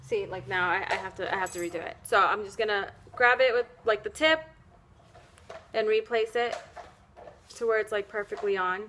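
A woman with a bright, clear-toned voice talks through a casual at-home tutorial. She rambles chattily, fills pauses with "um," corrects herself and laughs at her own slips. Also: medium pitch, steady tone, a little hiss or hum. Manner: chatty, rambling, many fillers and self-corrections. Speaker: nail wrap seller demonstrating at home.

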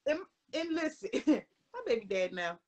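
A woman's voice: a little high, very animated, unhurried, a little mellow. A young woman from Baltimore with a Baltimore accent, chatting brashly and cursing freely as a guest on a livestream. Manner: brash, profane, laughing. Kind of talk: casual chat on a livestream.

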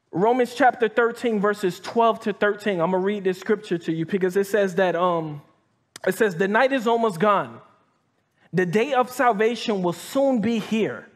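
A man preaching to a live audience as pastor, talking conversationally with many restarts and asides, reading scripture aloud and commenting between the verses. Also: high-pitched. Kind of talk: sermon. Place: church hall with live audience.

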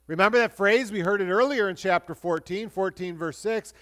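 Pastor, male, high-pitched, conversational sermon delivery with restarts and hushed stretches. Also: brisk, few pauses. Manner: conversational preaching with restarts, shifting between lively and hushed.

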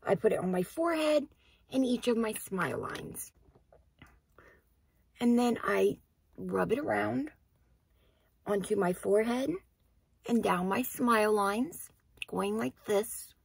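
A woman's voice: mid-range voice, animated, slow pace, creaky, pauses often, husky, dry recording. A woman talking casually through her skincare routine, explaining each step as she goes. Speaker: beauty vlogger.

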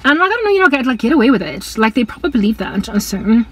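A woman's voice: a little high, sing-song, breathy edge, low-quality recording. A young woman from South Africa with a South African accent, chatting casually as a Christian vlogger and filling her talk with "like" and "uh". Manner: chatty and quick, lots of "like" and "uh" fillers. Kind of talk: casual chat between sung song parodies.

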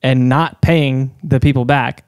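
A man's voice: mid-range voice, steady tone, unhurried, darkish tone, clear, resonant tone, no room sound, studio quality. A man co-hosting a casual podcast, telling a story with lots of "uh"s and laughs.

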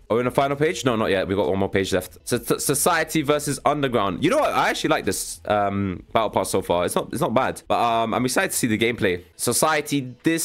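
A young man giving casual, excitable commentary as he reacts to a video game, with a slangy, chatty way of talking. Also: medium pitch. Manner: casual, excitable, slangy, says "bro" a lot. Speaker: gaming channel host.

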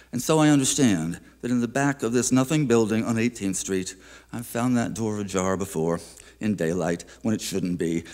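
A man giving a poetry reading at a museum, introducing his poem in a reflective, unhurried way with small hesitations, then reading it aloud. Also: lowish voice, darkish tone. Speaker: featured poet. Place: live reading in an art museum.

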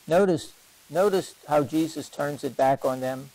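A man leading a parish Bible study as its teacher, questioning his class and repeating key lines for emphasis in an unhurried classroom lecture. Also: a little high, animated, darkish tone, rough recording. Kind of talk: lively classroom lecture on scripture.

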